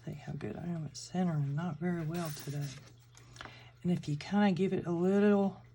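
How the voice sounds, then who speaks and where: A woman's voice: on the low side, steady tone, fairly quick, creaky, mellow, a little hiss or hum. A woman from Georgia with a Southern accent, chatting casually as she walks through a crafting tutorial and thinks aloud while she works. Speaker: crafting channel host.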